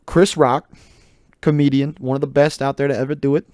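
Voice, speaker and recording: A man's voice: mid-range voice, little pitch movement, brisk, a little mellow, no room sound, studio quality. A young adult man hosting his own podcast in a rambling, joking, loose and opinionated monologue. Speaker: podcast host. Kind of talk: casual solo podcast monologue.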